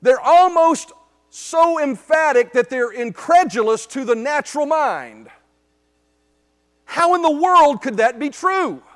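Male pastor with a very high voice, preaching emphatically and often asking the room "right?". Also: animated, takes it slowly, fairly bright tone. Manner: emphatic, with frequent rhetorical "right?" checks. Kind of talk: sermon. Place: church service.

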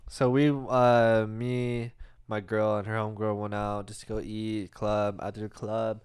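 A man's voice: on the low side, a little slow, clean tone. A man casually telling a profane street-fight story, acting out the people he quotes. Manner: profane, animated storyteller who acts out quotes.

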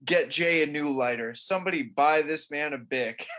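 A man's voice: on the high side, normal speed, fairly bright tone. A man co-hosting a podcast, trading crude, sarcastic banter in a rambling, casual way. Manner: rambling, sarcastic, laughing often.

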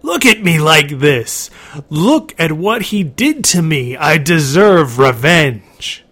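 A man voicing a wicked, vengeful male monster in a storybook reading, growling and shouting slow, drawn-out demands. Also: on the high side, very animated, pitched above the performer's own voice, heavily acted. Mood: furious.

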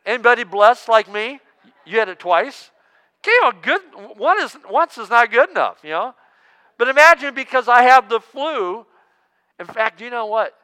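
A man in his sixties preaching a sermon as pastor, joking and emphatic, swinging between loud outbursts and hushed asides. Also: very high-pitched, animated, moderate pace, clean tone, big-room sound. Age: 60s.

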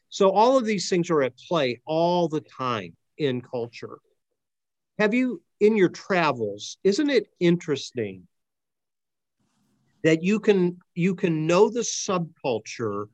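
A man's voice: mid-range voice, no room sound. A man with a Midwestern accent, leading a discussion-style lesson, thinking aloud with many ums and uhs. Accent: Midwestern American. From Akron, Ohio. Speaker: class leader.

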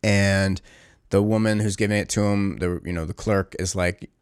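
A man's voice: low voice, steady tone, moderate pace, clean tone, no echo, studio quality. A man casually recapping a movie plot, rambling and sarcastic with lots of fillers. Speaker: movie reviewer.

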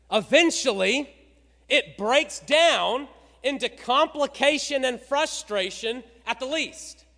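Middle-aged male pastor, high and lively voice, sermon delivery in a big echoing church. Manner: preaching with rising emphasis, rhetorical questions. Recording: reverberant hall.

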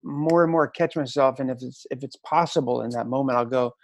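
A man's voice: medium pitch, a little fast, no room sound. A man talking as a podcast guest, reflective and hedging his words as he explains. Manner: thoughtful, hedging with "if you will". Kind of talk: reflective interview talk.

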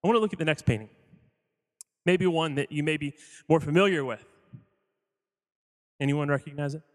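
Guy pastor giving a sermon, kinda high voice, chatty and jokey, long echo like a big church hall. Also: normal speed. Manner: conversational, jokey, quizzes the audience.

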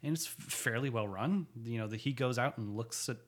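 A man's voice: mid-range voice, a little fast. A man in casual chat, recapping a TV episode with a co-host, laughing often and slipping into character voices. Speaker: podcast co-host.

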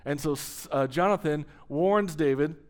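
A pastor tells a story during his sermon, stressing key words and slowing down for dramatic pauses. His male voice is a little high.

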